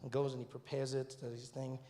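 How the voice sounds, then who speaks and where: A man in his thirties with a South African accent, performing stand-up comedy and telling stories in an animated way that rises to loud punchlines. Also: medium pitch, brisk.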